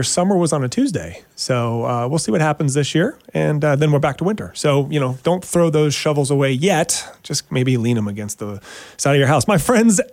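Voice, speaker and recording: A man hosting a weekend radio talk show, joking and teasing himself as he talks about his subject. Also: no echo. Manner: joking, self-mocking, animated with sudden pitch jumps. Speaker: radio show host and realtor.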